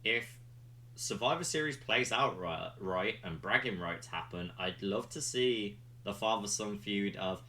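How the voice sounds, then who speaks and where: A man's voice: fairly low pitch, animated, a little slow, pushed and bright. A man hosting a podcast, giving a rambling play-by-play recap full of ums and likes. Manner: rambling play-by-play retelling with fillers. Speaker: podcast host reviewing wrestling. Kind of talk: casual recap.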